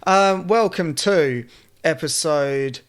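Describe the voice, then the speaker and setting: An Australian man running a casual podcast chat, his voice sitting a little high. He talks loosely and swears freely, joking around as he introduces the show. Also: takes it slowly, clear, resonant tone. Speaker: podcast co-host.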